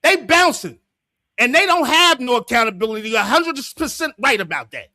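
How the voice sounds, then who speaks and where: A man's voice: very high-pitched, very animated, fairly quick, pushed and bright, no room sound, studio quality. A man hosting a livestream panel, arguing emphatically and repeating his points with profanity. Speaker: livestream show host. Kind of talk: heated panel discussion.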